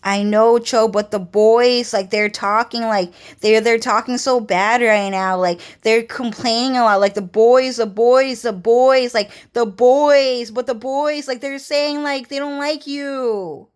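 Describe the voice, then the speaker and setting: Woman putting on a gossipy young girlfriend, high voice, breathless, insistent, repetitive. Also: a little slow, hardly any pauses.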